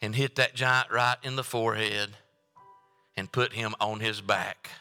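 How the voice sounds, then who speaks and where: Bright-voiced preacher in a reverberant church. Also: male voice, fairly low pitch, steady tone, measured pace, smooth, faint music behind. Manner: preaching with rising fervor and repetition. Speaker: pastor. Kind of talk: sermon. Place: church sanctuary. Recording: long hall reverb.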